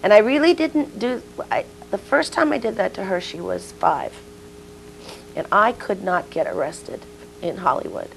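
In a casual interview chat, a woman in her sixties appears as a guest and tells personal stories, acting out the quoted dialogue. Her mid-range voice is animated and moderately paced with vocal fry, and the rough recording carries a little hiss or hum.

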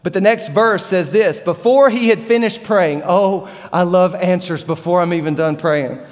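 A man in his thirties preaching a sermon as pastor, animated and joking, acting out the Bible characters in different voices. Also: high voice, normal speed, big-room sound. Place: large church hall.

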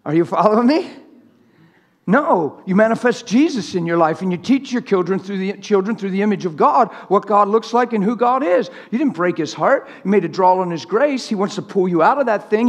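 Male preacher, high and husky, fiery delivery that drops to near-whispers. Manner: impassioned, swings from loud to hushed. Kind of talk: sermon. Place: church sanctuary.

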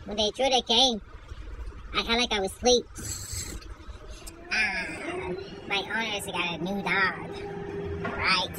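A woman's voice: mid-range voice, expressive, slow, long pauses, background noise. A woman voicing a crude, boastful male chihuahua in a comedic talking-dog skit, with slangy, profane, cheeky talk.

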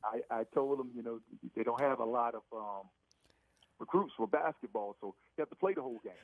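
A man's voice: medium pitch, brisk, no room sound. A middle-aged man calls in to a sports radio show and talks in an emphatic, repetitive way, restarting his phrases as he goes. His voice comes through a tinny phone line. The sound is completely dry. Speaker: former NFL receiver, radio guest. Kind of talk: casual sports radio talk.

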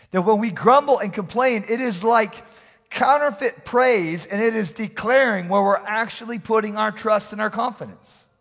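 A man preaching a sermon as pastor, swinging from loud, urgent calls to low, quiet asides. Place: large church hall. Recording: long reverb of a church hall.

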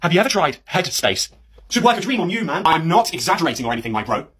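A man's voice: a little high, very animated, slight background noise. A man doing a chummy British hipster bro. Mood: soothing. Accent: British English. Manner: mellow, chummy, drawn-out sympathy. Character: laid-back male hipster bro, preachy about wellness. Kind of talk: comedy sketch character.

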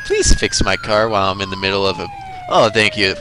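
A man with a low, bright-edged voice gives gameplay commentary on his own channel. He swings his pitch around a lot as he jokes and rants at other drivers, with faint game sirens and traffic humming behind. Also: huge pitch swings, fairly quick. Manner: joking, ranting at other drivers. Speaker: gaming channel host.

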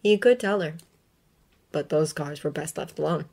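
A woman with a fairly low voice reads a story aloud. Her narration is emotive, rising and falling in pitch as the feeling of the text shifts. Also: normal speed, creaky, darkish tone. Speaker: reader. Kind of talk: emotive reading of a fanfiction story.

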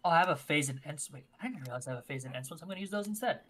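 Man, casual gaming chat, bright tone, easygoing, quick to laugh. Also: fairly high pitch, expressive. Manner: loose, chatty, quick to laugh. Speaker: streamer.

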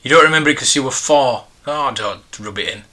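Fairly quick and bright with a forceful tone, a man's mid-range voice leads a relaxed live stream. He's from the United Kingdom, in his forties, and rambles nostalgically while reading comments from viewers.

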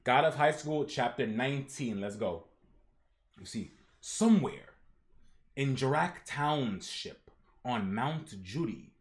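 A man's voice: mid-range voice, expressive, takes it slowly, pauses often. A young man streaming a live comic reaction, talking casually with slang and reading the panels aloud.

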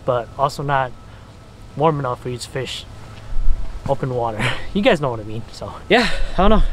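Excitable fishing vlogger in the wind. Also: male voice, fairly high pitch. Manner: chatty, excitable, talks to viewers. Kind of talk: casual outdoor vlog. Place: outdoors by the water at night in wind. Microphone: camera mic covered against wind. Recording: outdoor mic with loud wind noise.

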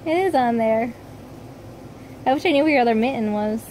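A woman filming her family at home, chatting with her kids in playful baby talk that turns quiet and tired late at night. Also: a little high, brisk, a little hiss or hum, rough recording. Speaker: mother and family vlogger. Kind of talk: casual home video chat.

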